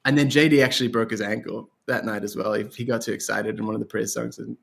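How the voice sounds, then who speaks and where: An Irish man, a guest songwriter, talking in a rambling, animated way in a casual interview. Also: on the low side, fast talker, vocal fry. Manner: rambling, animated storyteller with laughs and restarts.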